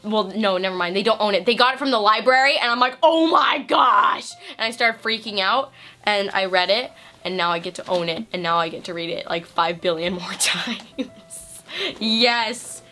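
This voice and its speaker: Woman, vlogger, bright, gushing, excitable, casual chat at home. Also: mid-range voice, a little fast, faint music behind. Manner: gushing, excitable, lots of squeals and giggles. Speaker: vlog host. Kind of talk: casual present-opening vlog. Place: at home on Christmas Eve.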